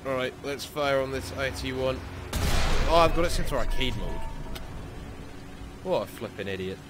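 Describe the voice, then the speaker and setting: Excitable Scottish gaming YouTuber. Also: male voice, medium pitch, moderate pace, over music. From Scotland. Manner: excitable, exclaims often. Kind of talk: casual gameplay commentary.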